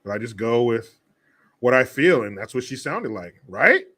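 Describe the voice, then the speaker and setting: Animated, profane male commentary host. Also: medium pitch, moderate pace. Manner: animated, sarcastic, laughing and swearing.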